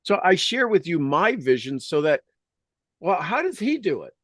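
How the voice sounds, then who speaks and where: A man's voice: fairly high pitch, very animated, moderate pace, a bit bright, no room sound, studio quality. A middle-aged man telling rambling, enthusiastic stories as the host of a spoken meditation. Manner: earnest, enthusiastic, rambling storytelling.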